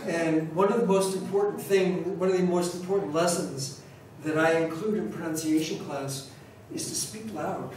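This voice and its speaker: A man's voice: a little high, a little mellow. American man lecturing in an echoey hall. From New York City, United States. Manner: conversational, repeats and restarts, speaks up deliberately. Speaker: pronunciation teacher. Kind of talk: conference talk. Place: large conference hall. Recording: echoey hall, distant mic, faint noise.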